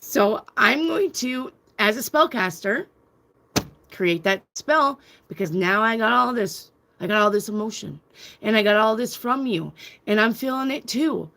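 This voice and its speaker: A woman's voice: a little high, lively intonation, a little slow, vocal fry, pushed and bright. Emphatic woman lecturing with conviction. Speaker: tarot reader and podcast host. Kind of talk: casual talk to viewers.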